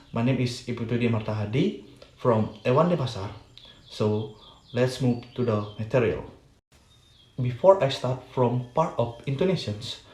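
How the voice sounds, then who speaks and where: A young man from Indonesia giving a student class presentation, speaking in a careful, measured way with halting pauses. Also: medium pitch, darkish tone. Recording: echoey room.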